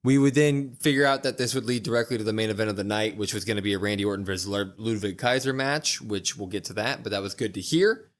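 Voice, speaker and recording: A man's voice: on the low side, fairly even intonation, fast, hardly any pauses. Man recapping wrestling in casual chat. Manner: retells events in long runs, with frequent fillers. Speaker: podcast co-host.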